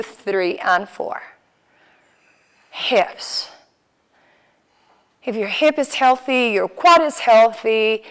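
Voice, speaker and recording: A woman with a Mexican Spanish accent, guiding a yoga class with calm, slow cues for breath and poses. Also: medium pitch, clean tone. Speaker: yoga instructor. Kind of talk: guided yoga class instruction.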